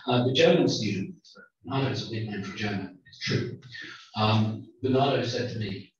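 A man's voice: fairly low pitch, moderate pace. Man lecturing in an echoey hall. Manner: chatty and humorous, drops in Korean phrases. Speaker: guest lecturer. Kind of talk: public lecture. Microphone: microphone, far from the recorder. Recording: echoey distant dull hall recording.

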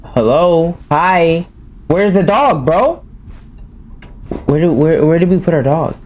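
A man's voice: fairly high pitch, expressive, takes it slowly, a little hiss or hum. A man who is a gaming YouTuber gives jumpy, exclaiming commentary full of casual slang while playing a horror game.

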